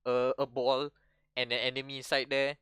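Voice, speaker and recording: A man's voice: medium pitch, flat delivery, normal speed, a bit bright, clean tone. A man chatting casually about video games as a podcast co-host, often restarting and laughing. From Malaysia. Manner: rambling, many restarts and laughs. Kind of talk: casual gaming chat.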